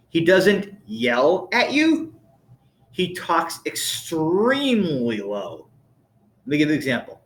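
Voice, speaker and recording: Male podcast host, casual studio monologue, rambling, self-correcting, mid-pitched voice. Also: fairly bright tone, slight background noise. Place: recording studio with a producer.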